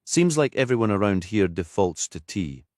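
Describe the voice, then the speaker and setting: A man voicing a calm, measured male police detective in an audiobook. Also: fairly low pitch, no echo, studio quality.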